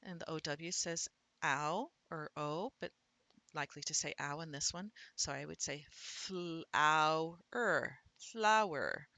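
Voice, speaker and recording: A woman teaching reading, explaining words step by step and sounding them out slowly as she thinks aloud. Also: deep voice, sharp tone, dry recording. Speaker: literacy instructor.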